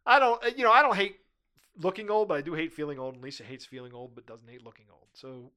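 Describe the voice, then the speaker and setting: A man's voice: on the high side, fast talker, bright, forceful tone, clear, resonant tone. A man in his fifties hosting a podcast, chatting casually and telling family stories with a chuckle. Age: 50s. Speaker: podcast host. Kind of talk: casual chat.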